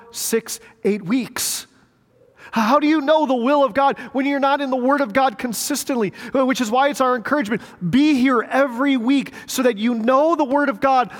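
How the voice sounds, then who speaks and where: A man's voice: extremely high pitch, in a large hall. A middle-aged male pastor preaching a sermon in a church, in a conversational way with rhetorical questions and repeated words. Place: church sanctuary.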